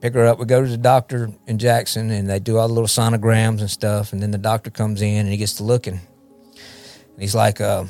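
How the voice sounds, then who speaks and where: A man's voice: lowish voice, flat delivery, a little fast, darkish tone, faint music behind. A man shares his personal testimony as a podcast guest, rambling and repeating words as he talks. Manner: rambling, repeats words, often asks "you know what I mean?". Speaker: guest, recovery ministry leader.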